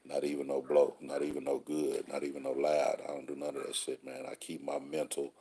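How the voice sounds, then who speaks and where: Man, very deep voice, mellow dark tone, laid-back slang, call-in host. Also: completely flat delivery, fairly quick, breathy edge. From Texas. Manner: laid-back street slang, rhyming sayings. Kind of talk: casual monologue answering listeners.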